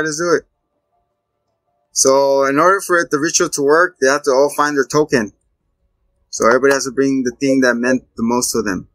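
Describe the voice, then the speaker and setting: A man hosting a casual movie review chat, retelling scenes in an animated way and acting out the characters. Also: medium pitch, no echo. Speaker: movie review show host.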